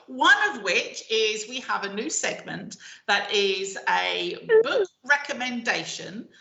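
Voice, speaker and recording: A woman co-hosting a local radio show, chatting casually and reading a book synopsis slowly and dramatically. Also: medium pitch, big pitch swings, creaky, sharp tone, echoey room, rough recording. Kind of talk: casual chat.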